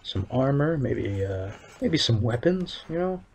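A man's voice: medium pitch, very animated, measured pace, darkish tone, slight background noise. A man giving casual commentary while playing a game, hesitant and thinking aloud with many fillers. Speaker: let's play gamer.

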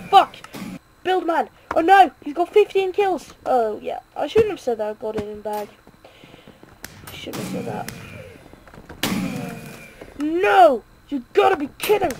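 A woman giving excitable, self-mocking live commentary while playing a game, swearing and cheering in bursts. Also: high-pitched, noisy background. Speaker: gaming video creator.

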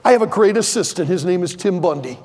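Impassioned older preacher in a reverberant church. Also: male voice, animated, fast talker. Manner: impassioned, swings from loud pleading to low asides. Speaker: pastor. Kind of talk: sermon. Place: large church sanctuary.

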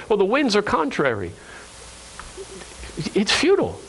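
A man's voice: a little high, animated, unhurried, fairly bright tone, poor audio. A male pastor preaching a sermon to his congregation, earnest and repeating phrases for emphasis, calling listeners friends.

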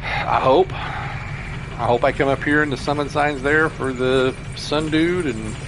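A man hosting a let's-play, chatting to viewers as he plays and breaking into excited cheers, a bit out of breath. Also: mid-range voice, a little slow, noisy background. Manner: chatty, talks to viewers while playing, bursts into excited cheers. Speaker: gaming channel host. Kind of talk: casual let's-play commentary.

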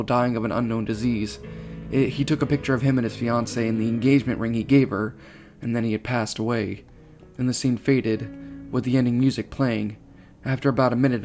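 A man reading a horror story aloud, steady, with small slips and restarts. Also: medium pitch. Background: faint guitar music.

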